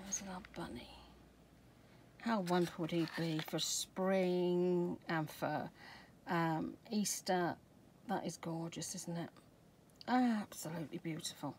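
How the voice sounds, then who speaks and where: A middle-aged Scottish woman chatting through an unboxing of craft supplies, gushing with excitement and dropping to soft whispers over favourite pieces. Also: on the low side, slow, poor audio. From Scotland. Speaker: craft vlogger. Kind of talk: product unboxing chat. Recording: background noise with crinkling packaging.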